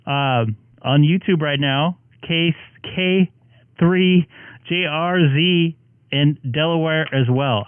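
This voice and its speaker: A man's voice: a little high, no room sound. A man from Southern California talking on an amateur radio net, friendly and chatty, spelling out call signs. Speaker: ham radio operator. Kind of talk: on-air radio check-in chat. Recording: narrow radio transmission.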